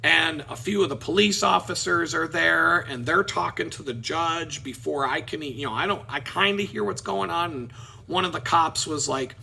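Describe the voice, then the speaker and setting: A man vlogging, telling a story in a casual, profane, animated way. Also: on the high side, normal speed, gravelly, husky. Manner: profane, animated, laughing at his own story.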